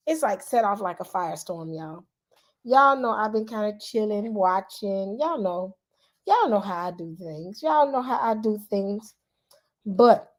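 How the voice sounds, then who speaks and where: A woman, chatting casually with her livestream viewers and greeting them by name. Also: on the high side. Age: 40s. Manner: chatty and animated, calls out to viewers, frequent "y'all". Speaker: YouTube channel host.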